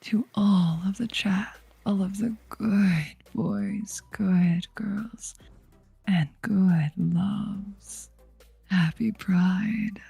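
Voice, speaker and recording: A woman voicing a seductive female vampire in a breathy, slow whispered role-play. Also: medium pitch, steady tone, warm tone, no room sound, faint music behind, full character voice. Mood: sultry.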